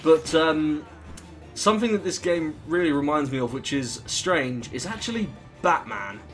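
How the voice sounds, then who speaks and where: Chatty British gamer, bit high-pitched. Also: male voice, animated, a little slow, soft background music. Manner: rambling, chatty, with fillers and swearing. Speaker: gaming channel host. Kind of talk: let's play commentary.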